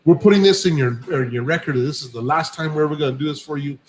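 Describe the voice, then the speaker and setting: Talking fast in a voice on the high side, a podcast host launches into a long, profane story, casual and animated, performing the quoted dialogue. The audio quality is poor.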